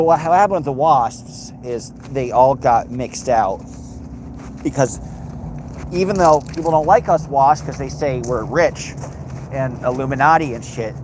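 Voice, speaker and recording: A man's voice: medium pitch, a little mellow, a little hiss or hum. An American man hosting a livestream, reading and answering chat in a crude, sarcastic, rambling way. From United States.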